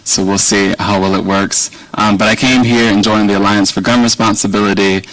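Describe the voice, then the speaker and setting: A keynote speaker from Virginia with a faint Southern accent addresses a live audience in a lowish, easygoing voice, fairly quick and fairly even in intonation. He rambles chattily and warmly, poking fun at himself. The poor, dry audio comes from a distant microphone.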